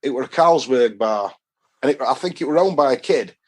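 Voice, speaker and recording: Brief: Yorkshire bloke, podcast guest, broad rambling anecdotes, mid-pitch everyday voice. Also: male voice, expressive, a little fast. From England. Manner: rambling storyteller, chatty and broad. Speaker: guest, football fan. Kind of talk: casual anecdotal chat.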